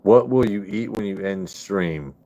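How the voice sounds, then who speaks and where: With a mellow, lowish voice and an unhurried pace, this man runs a laid-back livestream, chatting with viewers in a rambling, profane way.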